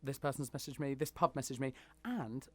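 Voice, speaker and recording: A man's voice: medium pitch, a bit bright, no room sound. A man from the Isle of Wight, a drag performer, chatting in an interview, self-mocking and joking. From Isle of Wight, England. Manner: chatty, self-mocking, quick jokes, lots of laughing. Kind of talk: casual interview chat.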